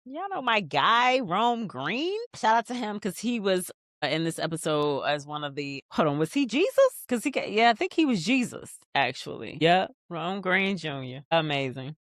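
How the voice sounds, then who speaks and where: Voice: mid-range voice, very animated, normal speed, a bit bright, dry recording. A podcast host giving a casual rewatch recap of a TV episode, chatting straight to viewers and reading out scene lines between asides.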